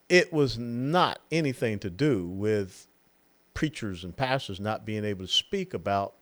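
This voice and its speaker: An older man in his sixties delivering a political commentary monologue, animated and mocking, now and then mimicking the people he talks about. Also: lowish voice. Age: 60s.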